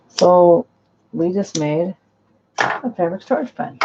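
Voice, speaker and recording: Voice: mid-range voice, expressive, takes it slowly, long pauses, heavy background noise. A person chatting casually on a home sewing live stream, rambling and often trailing off to restart a sentence. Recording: dull lo-fi live-stream audio.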